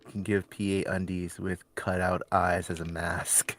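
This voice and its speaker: A man's voice: sits low, flat delivery, moderate pace, noisy background. A man chatting as a guest on a casual stream, joking and curious, chuckling between lines. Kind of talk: casual chat.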